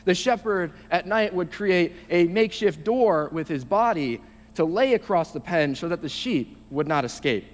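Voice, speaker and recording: A young man giving a short sermon, reading scripture slowly and then explaining it in a halting, casual way. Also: sits high, lively intonation. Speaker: youth speaker. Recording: long reverb of a large hall.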